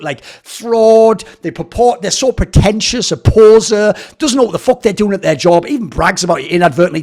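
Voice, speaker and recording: A man ranting angrily in a video commentary, sarcastic and swearing, mocking others in put-on voices. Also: high-pitched. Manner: angry, sarcastic, swears often. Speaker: esports commentator.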